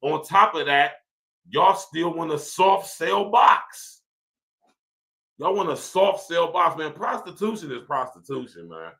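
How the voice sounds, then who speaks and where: Man ranting on a podcast, bright voice. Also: fairly high pitch, a little slow. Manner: profane, animated, laughs often; reads viewer comments aloud. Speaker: podcast host. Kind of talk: casual livestream rant.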